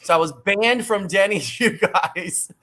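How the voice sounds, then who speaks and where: A man's voice: high voice, measured pace, sharp tone, slight background noise. A middle-aged man on a video call, telling a story animatedly and with emphasis, acting out the voices he quotes. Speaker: book author guest.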